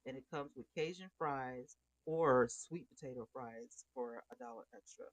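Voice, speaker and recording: A woman's voice: rumbling low, normal speed, no room sound, rough recording. A middle-aged woman hosting a casual livestream, chatting and greeting viewers by name. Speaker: livestream host.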